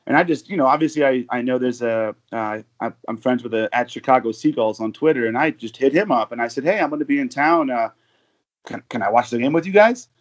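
A man's voice: medium pitch, brisk. A man from the United States, a guest on a casual podcast, telling long stories with lots of fillers and restarts. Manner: rambling storyteller with many fillers and restarts. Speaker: guest, overseas football supporter.

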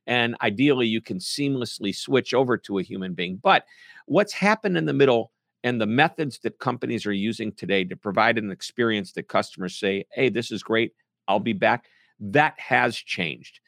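A man, a book author, answering interview questions in a lively, joking way. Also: lowish voice, creaky, no room sound, clean studio sound. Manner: animated, playful, jokes and puts on quick impressions. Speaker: author and podcast guest.

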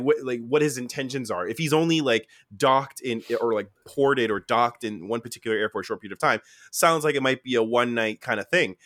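A man co-hosting a podcast in casual chat, rambling and halting with many restarts. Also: mid-range voice, a bit bright, no room sound, clean studio sound. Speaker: podcast co-host.

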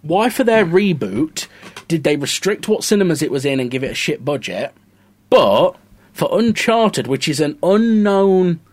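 A man co-hosting a podcast, ranting in animated, sweary casual chat. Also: a little high, unhurried. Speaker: podcast co-host.

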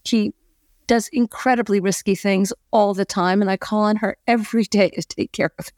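A middle-aged woman tells a personal story as a podcast guest, earnest and animated. She leans on fillers like "you know" and speaks at a middle pitch. The sound is dry and close. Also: moderate pace, no echo.

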